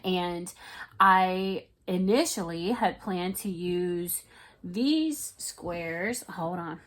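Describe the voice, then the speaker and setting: A woman, a crochet vlogger rambling excitedly in casual chat to her viewers. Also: on the low side, extremely slow. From Florida, US.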